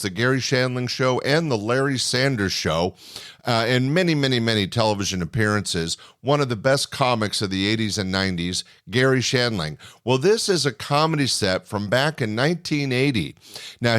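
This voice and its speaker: An older man introduces an archive comedy set in a steady promotional voice at a middle pitch. His close, dry recording has no room sound around it. He builds up the act like a seasoned club host. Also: dry recording. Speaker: club owner and show host. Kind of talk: scripted introduction.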